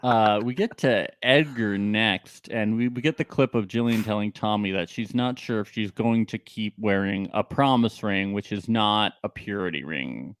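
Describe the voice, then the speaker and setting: A man's voice: on the low side, normal speed, hardly any pauses, no room sound. A man co-hosting a podcast, recapping a reality show in casual chat, joking and laughing often. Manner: joking, laughs often, puts on voices for people he quotes. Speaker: podcast co-host.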